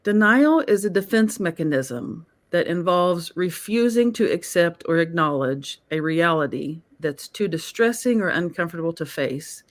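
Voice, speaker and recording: A woman's voice: lowish voice, expressive, moderate pace, few pauses. A woman hosting a live-streamed talk series, speaking in an effusive, emotional way and laughing often. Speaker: host. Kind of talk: casual live-stream chat.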